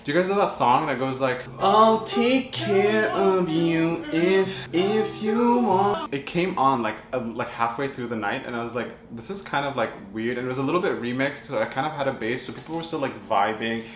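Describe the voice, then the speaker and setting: A man's voice: mid-range voice, quick pace, few pauses, over music. A young man telling a campy, chatty storytime vlog with lots of expression. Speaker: vlogger. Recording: echoey room with faint ambience.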